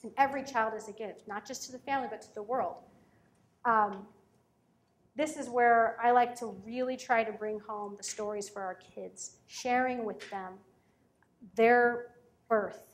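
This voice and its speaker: Earnest woman in her thirties, storytelling speaker, slightly high voice. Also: steady tone, a little slow. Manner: earnest, storytelling, turns emotional. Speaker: speaker on parenting. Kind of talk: personal talk to an audience.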